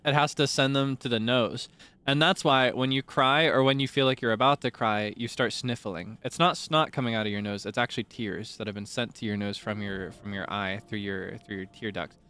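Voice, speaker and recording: A man's voice: mid-range voice, fairly even intonation, normal speed, pushed and bright, clear, resonant tone, no echo. A man streaming live, chatting playfully with his viewers, teasing them and sharing bits of trivia. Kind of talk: casual livestream chat with viewers.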